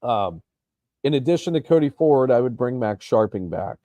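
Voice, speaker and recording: A man's voice: medium pitch, animated, normal speed, warm tone, no echo. A man co-hosting a sports podcast, chatting casually and hesitantly, with plenty of restarts and ums. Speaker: podcast co-host.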